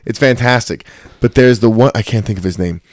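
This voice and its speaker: A man co-hosting a casual podcast chat late at night, animated and profane, laughing often and acting out quotes, yawning with tiredness. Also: fairly low pitch, a little fast, no room sound, studio quality. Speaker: podcast co-host.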